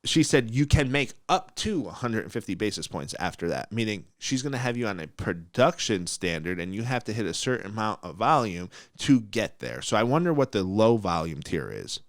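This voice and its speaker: A man's voice: fairly low pitch, sing-song, normal speed, few pauses, no echo, studio quality. A man hosting a casual podcast, telling a story bluntly and with animation. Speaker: mortgage broker, podcast host.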